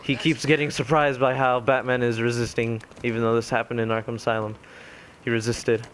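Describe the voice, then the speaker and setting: Casual young male gamer, mid-pitched, rambling recap full of ums, faint hiss behind. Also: little pitch movement. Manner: rambling, filler-heavy retelling with quick quoted voices. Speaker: gaming commentator. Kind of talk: casual spoken game recap.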